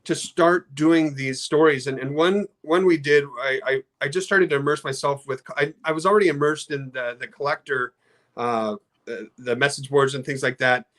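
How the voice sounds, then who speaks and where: A middle-aged man talking casually on a podcast about customer service, halting often with restarts. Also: medium pitch, fairly even intonation, fairly bright tone. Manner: halting, many restarts, storytelling with acted quotes. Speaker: card company customer experience head. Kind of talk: casual podcast talk with slides.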